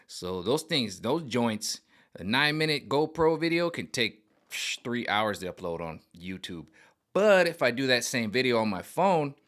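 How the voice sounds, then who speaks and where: Animated slangy man rambling to camera. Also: medium pitch, normal speed. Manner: animated, slangy, repeats himself, restarts and trails off. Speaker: vlogger. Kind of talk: casual rambling monologue to camera.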